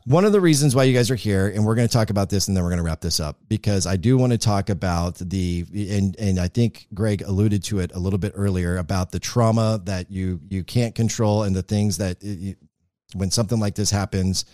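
Animated male podcast host, dry studio sound. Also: low-pitched, a little fast, no room sound. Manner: animated, acts out quotes in a raised voice. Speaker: podcast host, former radio personality. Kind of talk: casual storytelling interview.

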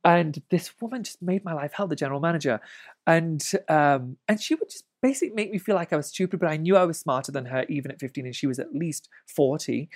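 Woman guest, late 30s, low voice with big swoops, laughs and curses while telling stories. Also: fast. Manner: animated, laughs often, swears freely. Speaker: interview guest. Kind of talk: casual storytelling.

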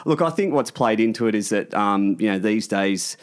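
A man's voice: fairly low pitch, lively intonation, normal speed. A man with an Australian accent co-hosting a satirical podcast, talking in wry, sardonic banter. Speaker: podcast co-host.

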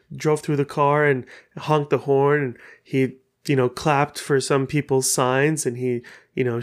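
A young man hosting his own podcast, telling stories in an animated, profane, rambling way. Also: on the high side, clear, resonant tone. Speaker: podcast host. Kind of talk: casual monologue.

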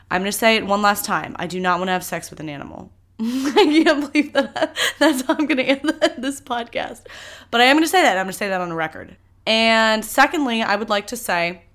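Young woman podcast host rambling frankly, gets loud then drops quiet. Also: mid-range voice. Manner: candid, animated, swings loud and soft. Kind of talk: solo podcast chat.

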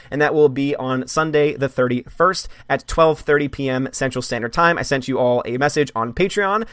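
A man hosting a live movie blog stream, greeting chat members one by one in an animated, casual way. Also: fairly high pitch, no room sound, clean studio sound. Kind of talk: live stream chat, reading viewer comments.

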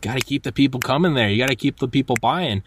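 A man hosting a podcast, telling stories in a lively, animated way and acting out quotes. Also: mid-range voice, fast talker, slight background noise. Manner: animated storyteller, acts out quotes, many restarts. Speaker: podcast host. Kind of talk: casual conversation.

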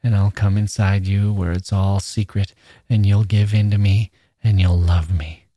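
A man reading a story voicing a menacing young man who talks softly and coaxingly, with a slow drawl. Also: lowish voice, little pitch movement, dry recording, studio quality.

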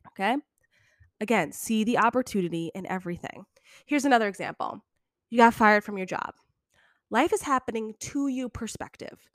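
A woman's voice: mid-range voice, animated, normal speed, no room sound, clean studio sound. A young woman hosting a casual self-help podcast, chatty and emphatic, acting out the inner voices she talks about. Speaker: podcast host.

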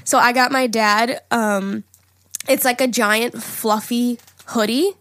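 A young woman co-hosts a casual podcast, rambling happily with plenty of "like" and quick giggles. Her voice sits a little high. The mic is close and dry, with no room sound at all. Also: steady tone, a bit bright, dry recording. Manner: chatty, giggly, says like a lot. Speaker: podcast co-host. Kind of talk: casual chat.

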